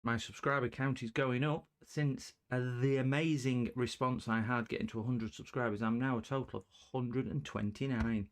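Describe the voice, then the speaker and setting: A man's voice: mid-range voice, steady tone, normal speed, hardly any pauses. A man chatting casually and cracking puns to viewers while he works on a live stream repair. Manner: chatty, joking with chat viewers, punny. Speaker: livestream host repairing electronics.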